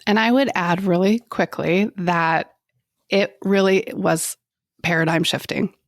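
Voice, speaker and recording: A woman's voice: on the low side, unhurried, no echo. The speaker is a woman podcast co-host. She speaks casually and stresses her points firmly, and the sound is dry and close. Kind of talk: casual chat.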